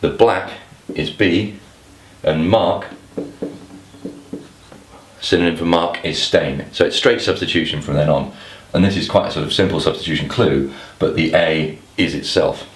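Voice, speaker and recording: A man's voice: sits low, unhurried, roomy sound, slight background noise. A man teaching how to solve crossword clues, thinking aloud with asides and small restarts. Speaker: crossword tutor. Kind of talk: explanatory lesson to camera.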